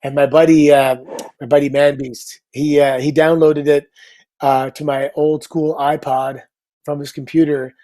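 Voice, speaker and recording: A middle-aged man, a guest on a talk show, telling a story in an upbeat, casual way with quick asides. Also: on the high side. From Canada. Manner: lively anecdote teller, upbeat, quick asides.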